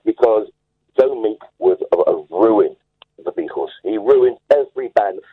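Male phone-in caller, husky voice through a thin phone line, eager and rambling. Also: fairly low pitch, animated, a little slow. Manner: enthusiastic, rambling, self-assured. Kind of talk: phone-in storytelling. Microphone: telephone.

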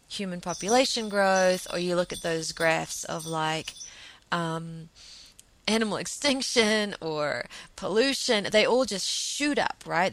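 A woman's voice: fairly low pitch, a bit bright. A woman hosting her own podcast, talking earnestly and thinking aloud, often repeating words as she goes. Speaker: podcast host. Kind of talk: solo podcast monologue.

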